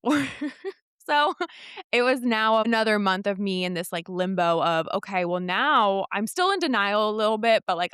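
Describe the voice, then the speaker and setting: A young woman talks through a personal story in a relaxed podcast chat. She keeps the telling candid and lively and slips into the voices of the people she quotes. The sound is close and dry. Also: medium pitch, clean tone, dry recording. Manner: candid, animated retelling with quoted dialogue. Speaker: podcast guest. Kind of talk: casual storytelling conversation.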